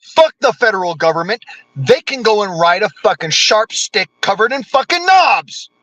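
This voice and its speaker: A man's voice: sits high, sing-song, moderate pace, bright, forceful tone, dry recording, rough recording. An American man delivering a profane, blunt political rant as a vlogger, cursing constantly and talking combatively.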